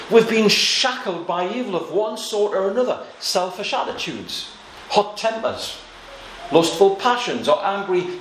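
A man preaching a sermon, telling a story with asides and little laughs, and slowing down to stress key words. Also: high voice, echoey room, a little hiss or hum, poor audio.

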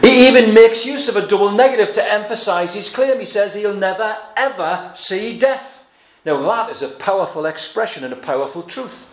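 Earnest preacher in an echoey hall. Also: male voice, high voice. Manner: earnest, emphatic, slows down to stress quotes. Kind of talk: sermon.

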